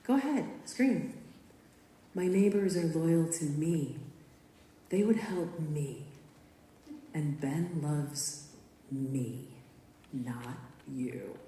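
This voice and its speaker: A woman voicing a menacing, jealous young woman who snarls low, taunting threats, in an echoey room. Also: animated, extremely slow, long pauses, dark tone, exaggerated voice.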